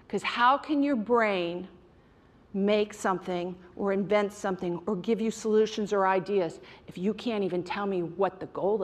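A middle-aged woman giving a direct, emphatic motivational talk on mindfulness to an audience she calls you guys. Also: mid-range voice. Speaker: mindfulness speaker.

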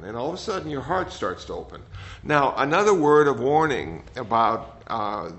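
An older man, a meditation teacher, giving a gentle, rambling dharma talk that often repeats words. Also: medium pitch, lively intonation, moderate pace, few pauses. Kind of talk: dharma talk with audience questions. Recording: slightly dull sound, faint noise.

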